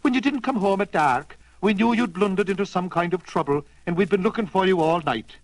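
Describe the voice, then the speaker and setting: A man's voice: high-pitched, a little fast, dry recording, lightly acted, low-quality recording. A man voicing a scolding, hearty Irish setter dog with an Irish brogue.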